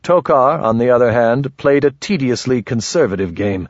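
A man narrating a fantasy story in a measured, even reading. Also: mid-range voice, dry recording. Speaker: audiobook narrator. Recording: dry, dull close-mic audio.

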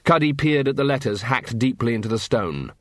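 A man reading a fantasy audiobook in steady scripted narration. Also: mid-range voice, fairly quick, no room sound, clean studio sound.

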